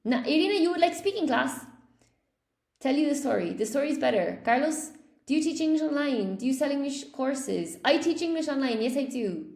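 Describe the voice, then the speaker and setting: A woman's voice: sits high, expressive, brisk, vocal fry, darkish tone. An Irish woman teaching English in a casual livestream, chatting and reading out viewer comments. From Ireland. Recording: echoey room.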